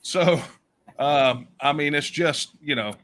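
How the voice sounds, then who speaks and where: A man's voice: fairly high pitch, takes it slowly, fairly bright tone. A man, speaking as an interview guest, making emphatic speech-like points and often tagging them with "right?". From Texas. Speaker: guest, secession campaigner. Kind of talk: political interview.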